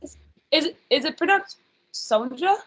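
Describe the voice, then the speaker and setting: A woman's voice: on the high side, animated, normal speed, bright, forceful tone, poor audio. A woman in her thirties hosting a casual podcast chat, chatty and self-deprecating, often apologizing for her swearing. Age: 30s. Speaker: podcast host.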